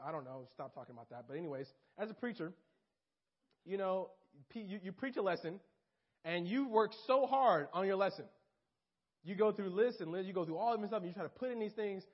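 A young man preaching in a casual, animated way, speaking straight to his listeners. His voice sits high for a man. The recording is dull and lo-fi. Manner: animated, talks straight to listeners, acts out quotes. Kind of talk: informal sermon.

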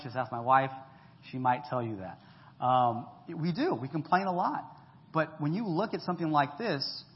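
A man preaching a conversational sermon, lively and joking as he talks straight to the congregation. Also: a little high. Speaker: pastor. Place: church hall. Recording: echoey hall, dull lo-fi sound.

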